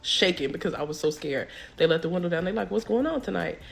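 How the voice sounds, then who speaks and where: A woman's voice: fairly low pitch, expressive, quick pace, creaky. A young woman, telling a story casually and acting out the people she quotes.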